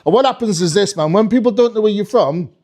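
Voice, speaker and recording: A man's voice: high-pitched, lively intonation, fast, mellow. A man doing a live stand-up routine on a comedy club stage, rambling, swearing and talking to the crowd.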